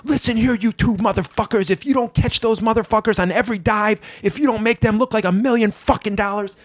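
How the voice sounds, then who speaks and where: A man's voice: sits high, fast talker, dry recording, voice pushed up. A man putting on an impression of a drunk, furious male wrestler boss who snarls profane threats, in a dry, close recording. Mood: enraged. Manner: snarling, profane, shouting in your face.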